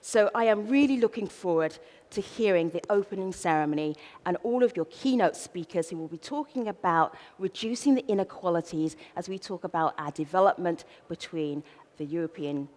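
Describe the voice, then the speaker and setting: A woman's voice: lowish voice, darkish tone. A woman with a South London accent moderating a large conference, playful and theatrical with the audience. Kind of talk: live event hosting. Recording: reverberant large hall.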